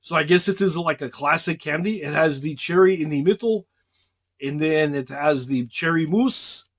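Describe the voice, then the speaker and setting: A man with a slightly raised voice rambles through a comic monologue. He talks slowly and deadpan and keeps calling the listener brother and man. The recording comes from a truck cab. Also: on the high side. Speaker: vlogger in character. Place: truck cab on a driving break.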